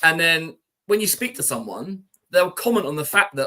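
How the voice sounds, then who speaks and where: A man's voice: fairly high pitch, sing-song, moderate pace, bright, forceful tone. A man co-hosting a podcast, chatting casually and rambling with lots of "you know". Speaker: podcast co-host.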